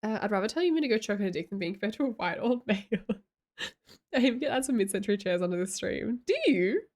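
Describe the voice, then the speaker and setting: A woman's voice: medium pitch, animated, fast talker, darkish tone. A woman chatting casually on a livestream, reading chat aloud and telling stories with lots of giggles.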